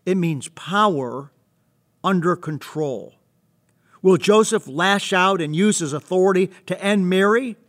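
A man's voice: on the high side, a bit bright. A man hosting a story series, giving a reflective, preacherly scripted introduction. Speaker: host.

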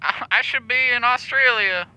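Brief: a nervous fan caller, shrill and bright, stumbles over words. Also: male voice, normal speed, dry recording, exaggerated voice, rough recording. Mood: flustered. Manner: stammering, rambling. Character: goofy eager male fan caller, fake Australian. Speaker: caller in a comedy bit.

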